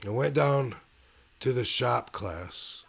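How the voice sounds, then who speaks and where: A man casually telling a personal story as host of his own channel, in a laid-back way with pauses and fillers. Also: mid-range voice, animated, gravelly, slightly rough.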